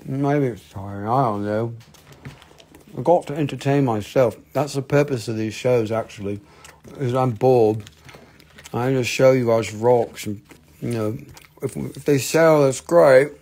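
A man's voice: medium pitch, unhurried, darkish tone. A man from North Carolina hosting a live stream selling rocks and minerals, rambling and joking at his own expense. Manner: joking, rambling, self-mocking. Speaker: livestream rock and mineral seller. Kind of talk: casual live-sale chat.

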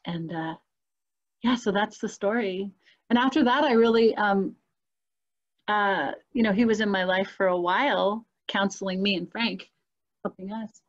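A woman's voice: medium pitch, a little slow, dull audio. A woman telling a personal spiritual story in a casual, earnest and emotional way, as a guest on a video call.

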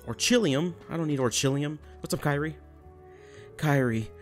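A man's voice: fairly high pitch, moderate pace, soft background music. A man giving rambling, profane, jokey commentary while playing a game. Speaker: gamer. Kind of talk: let's play commentary.

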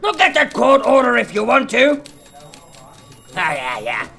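A man's voice: extremely high pitch, wildly swooping pitch, unhurried, vocal fry, sharp tone, full character voice. A man playing a brusque, dismissive chief newspaper editor in a live puppet show.

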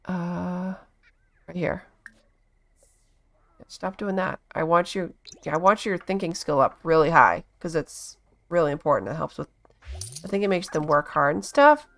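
A woman giving casual let's-play commentary, chatty and bossing her game characters around with quick exclamations. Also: fairly low pitch, fairly bright tone. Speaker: gaming channel host.

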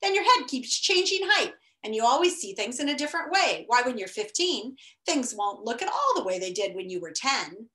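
A woman's voice: on the high side, sing-song, normal speed, few pauses, sharp tone. A woman voicing an odd, breezy boy who muses in a matter-of-fact way, in a roomy echo. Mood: musing.

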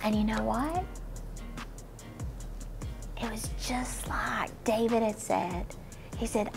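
Woman, children's Bible storyteller, animated with whispered asides, slow and slightly high. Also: vocal fry, soft background music. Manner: animated, dropping to whispers for emphasis. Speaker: children's ministry teacher.

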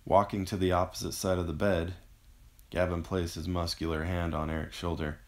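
A man narrating his own novel in a measured, somber audiobook reading. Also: deep voice, flat delivery. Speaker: author and narrator.

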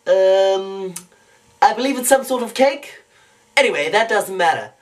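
A man's voice: high voice, expressive, a little slow. A man voicing a haughty, scheming baby boy with a prim, clipped manner, in improvised impressions. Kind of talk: improvised one-take impressions. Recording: distant home mic.

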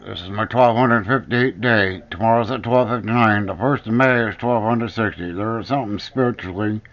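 This vlogger's furious, cursing tirade to the camera keeps circling back to the same accusations. He talks at a moderate pace in a lowish, slightly bright voice, and the recording is dull and lo-fi.

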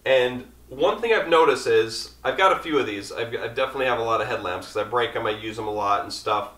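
A chatty, rambling man talks casually through his gear as an outdoor vlogger. His voice sits at an ordinary middle pitch. The room is roomy, and the mic is set back from him. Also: fast talker, a bit bright, recorded from a distance.

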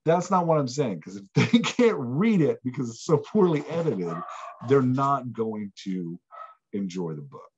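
A man hosting a solo podcast, explaining writing craft in an animated, emphatic way with playful asides. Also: medium pitch, a little slow, breathy edge, highs cut off. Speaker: podcast host.

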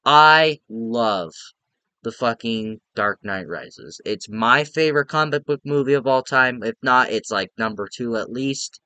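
A young man casually ranking movies, excitable and profane, rambling with restarts. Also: medium pitch, unhurried, dry recording. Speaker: movie reviewer.

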